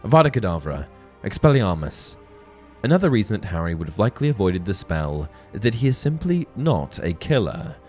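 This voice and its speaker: A man's voice: on the low side, sing-song, brisk, few pauses, a little mellow. A man giving scripted video-essay narration, earnest and analytical, reading book passages aloud. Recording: faint background music.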